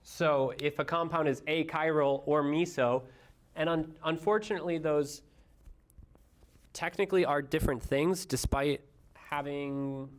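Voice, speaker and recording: A man with a Midwestern accent reviewing chemistry for a class, explaining step by step with everyday analogies and quizzing his students. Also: a little high. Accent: Midwestern American. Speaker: chemistry teacher.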